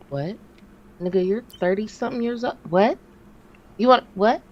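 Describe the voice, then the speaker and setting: A woman in her thirties tells a story on a casual podcast, her voice set in a middle register. She gets animated and jumps her pitch up and down when she acts out what people said. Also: normal speed, pauses often, poor audio. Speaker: podcast co-host.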